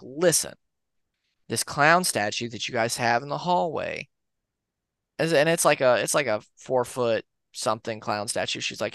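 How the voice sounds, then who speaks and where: Man, podcast co-host, rambling storyteller, smooth clear voice, dry close mic. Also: medium pitch, no echo. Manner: relaxed, rambling with fillers and restarts. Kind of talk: casual storytelling of urban legends.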